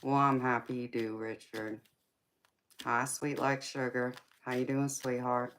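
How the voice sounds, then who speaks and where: Woman, deep slow voice, playful live-stream tarot host, faint background noise. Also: little pitch movement, fairly bright tone. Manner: playful, teasing, calls viewers baby and sweetheart, laughs often. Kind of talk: casual live-stream chat with viewers.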